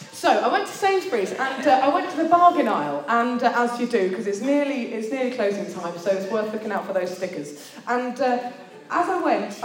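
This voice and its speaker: A woman's voice: on the high side, reverberant. A woman giving a sermon to students, telling a personal story in a chatty, self-deprecating way with plenty of fillers. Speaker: speaker at a student church meeting.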